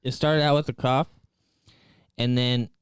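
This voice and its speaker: A man's voice: mid-range voice, steady tone, a little slow, smooth, no echo. A man co-hosting a casual live-stream chat, telling a story with lots of fillers, restarts and laughs. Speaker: co-host. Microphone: desk mic, headphones.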